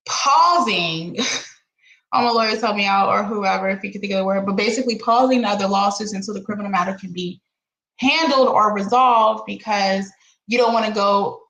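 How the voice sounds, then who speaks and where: A woman talks through a lawsuit on a live stream, breaking off into animated exclamations and laughter. Her voice sits at a middle pitch for a woman. The room around her gives the voice a noticeable echo. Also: normal speed. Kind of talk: casual live-stream commentary.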